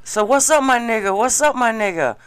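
A woman's voice: a little high, expressive, fairly quick, smooth, dry recording, pitched above the performer's own voice, natural voice. Woman putting on a swaggering tough-guy voice. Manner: loud, strutting, repetitive. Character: brash swaggering man acting tough, pushy.

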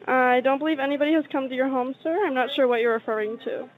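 A calm, polite customer service worker on the phone with an angry caller, patient and steady. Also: high voice, fast, phone-quality sound, slight background noise.

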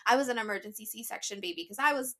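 A woman co-hosting a casual chat, telling stories in an animated, candid way with lots of fillers. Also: fairly high pitch, fast. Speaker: co-host.

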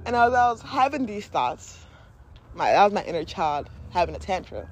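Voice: medium pitch, sing-song, normal speed, a little hiss or hum. A podcast host talking candidly and emotionally in a casual spiritual monologue, often laughing and acting out inner voices.

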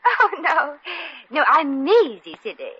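A woman's voice: high voice, huge pitch swings, takes it slowly, full character voice. A woman playing a brassy young woman who puts on a grand manner and keeps tripping over her fancy words, in 1940s radio comedy. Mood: putting on airs. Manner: affected grand manner with comic slips of speech. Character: brassy young woman putting on airs of a lady. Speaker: hotel guest. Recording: dull lo-fi old radio recording.

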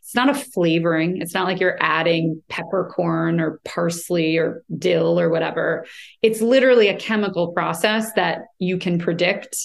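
American woman explaining cheese, low voice. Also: moderate pace, gravelly. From United States. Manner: thoughtful, explanatory, with many fillers and restarts. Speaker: cheese writer and commentator. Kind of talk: conversational interview answer.

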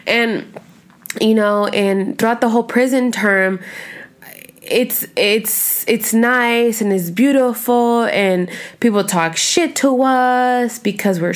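A young woman talks loosely into her podcast mic, wandering off-topic and cussing freely. Her voice sits at a middle pitch, and her delivery is chatty and unpolished. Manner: rambling, chatty, cusses a lot. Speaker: podcast host. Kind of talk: casual chat.

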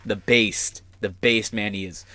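A man's voice: fairly low pitch, fairly even intonation, unhurried, sharp tone, no room sound. A man hosting a political commentary podcast, ranting in a profane, sarcastic, rambling way. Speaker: podcast host.

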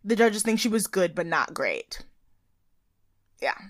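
A woman co-hosting a casual podcast chat, animated and playful, with a voice that cracks at times. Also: medium pitch, a little slow, no echo. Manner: chatty, animated, playful impressions of people. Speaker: podcast co-host. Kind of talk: casual chat recapping a reality show.

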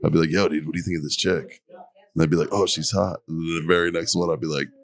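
A man's voice: very deep voice, steady tone, fast, gravelly. A man co-hosting a podcast, joking crudely in casual banter and reading a sponsor plug. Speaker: podcast co-host.

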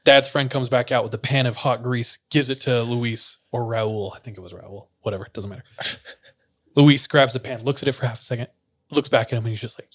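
In a relaxed podcast chat with a friend, a young man briskly tells an animated story at an ordinary male pitch. He acts out what other people said and laughs often along the way.

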